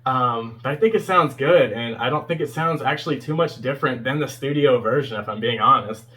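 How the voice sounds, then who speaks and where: Bright-voiced young man rambling casually. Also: medium pitch, brisk. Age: 20s. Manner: rambling, heavy with fillers and chuckles. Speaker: fan video host reviewing a concert performance. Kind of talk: casual spoken review.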